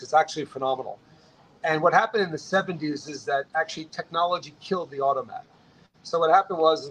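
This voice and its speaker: A man in his late thirties, a restaurant entrepreneur telling his story in an interview, energetic and quick, often repeating words as he restarts. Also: a little high, rough recording. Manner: fast, energetic, frequent restarts and stammered repeats.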